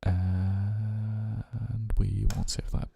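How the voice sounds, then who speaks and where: Man, German accent, mellow low voice, casual live-stream producer chat. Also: very slow, creaky, slightly rough. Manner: musing and relaxed, hums rhythms aloud, trails off.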